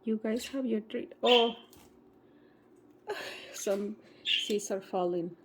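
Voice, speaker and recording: A woman at home filming her pet birds, coaxing them in high sing-song baby talk. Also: slow, heavy background noise. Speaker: pet bird owner filming her budgies. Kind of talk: casual vlog talking to pet birds. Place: home, indoors by bird cages. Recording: loud bird chirping behind.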